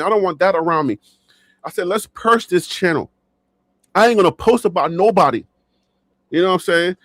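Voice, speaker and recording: A man's voice: fairly high pitch, fairly bright tone, dry recording. A man vlogging for his sports channel, talking casually and animatedly to his viewers, joking, laughing often and repeating himself as he vents. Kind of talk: casual talk to camera. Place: his own studio.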